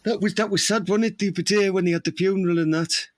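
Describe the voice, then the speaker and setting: A man's voice: high voice, steady tone, fast talker, no room sound. A man, co-hosting a comedy podcast with blunt, laddish, rambling banter. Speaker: podcast co-host. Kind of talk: crude comic banter.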